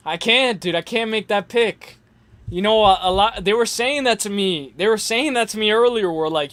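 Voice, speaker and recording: A man's voice: high-pitched, moderate pace, fairly bright tone. A young man hosting a casual livestream, rambling in slangy talk full of fillers and restarts. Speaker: host.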